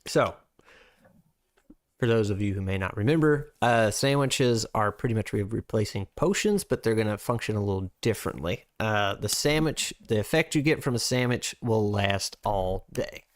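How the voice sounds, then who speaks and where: A man's voice: on the low side, animated, normal speed, dry recording, clean studio sound. A man streaming as host, thinking aloud in a loose, rambling way while working through tabletop game rules. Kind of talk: casual livestream chat.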